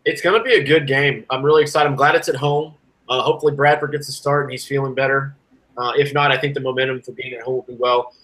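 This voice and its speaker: A man's voice: quick pace, poor audio. A man co-hosting a sports podcast, chatting casually and ranting with rising and falling energy. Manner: animated, ranting, swings from loud to low. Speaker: podcast co-host.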